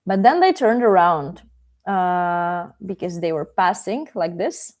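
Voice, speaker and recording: A woman's voice: on the low side, expressive, unhurried, a little mellow. A woman with a Czech accent, a language teacher telling a live bedtime story in a playful, hesitant way with many fillers.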